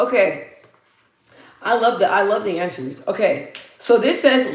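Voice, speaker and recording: A woman's voice: mid-range voice, moderate pace. Hyper chatty lady doing a live q&a, laughs a lot, mid voice, roomy echo. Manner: hyper and chatty, laughs often, reads viewer answers aloud. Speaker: livestream host. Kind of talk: casual live Q&A chat.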